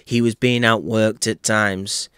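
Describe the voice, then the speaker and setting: A man's voice: lowish voice, steady tone, slow, a bit bright, clear, resonant tone, no room sound, studio quality. A man hosting his own boxing talk channel, giving a casual, wry opinion piece on an upcoming fight, speaking in a put-on accent with playful theatrical asides. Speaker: boxing commentator and channel host.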